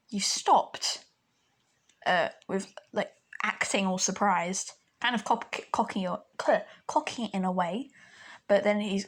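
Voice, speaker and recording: Rambling woman telling a fan story. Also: mid-range voice. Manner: rambling, many fillers and restarts. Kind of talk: casual fan fiction storytelling.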